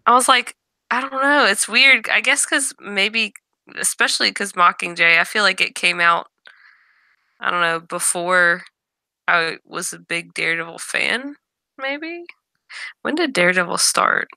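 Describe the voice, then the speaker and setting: Bright, crisp-voiced chatty woman. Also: lowish voice, lively intonation, no echo. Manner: chatty, quick to voice her opinions. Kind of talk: casual chat.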